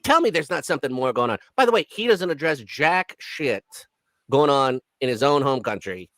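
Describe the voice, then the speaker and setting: A man's voice: medium pitch, lively intonation, normal speed, fairly bright tone, no room sound. Sarcastic man mocking news clips. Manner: sarcastic, mocking, laughs often, puts on exaggerated voices. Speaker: commentary video host. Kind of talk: casual commentary on news clips.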